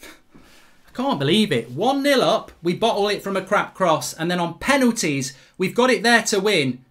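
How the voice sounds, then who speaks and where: English male football streamer, middle-aged, blunt sweary ranter, sharp tone. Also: sits high, very animated, moderate pace. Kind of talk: live match reaction.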